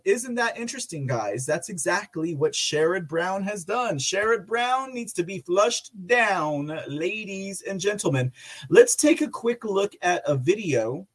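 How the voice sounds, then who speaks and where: A man's voice: high voice, animated, measured pace. A man hosting a political commentary podcast, sarcastic and often laughing. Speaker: podcast host.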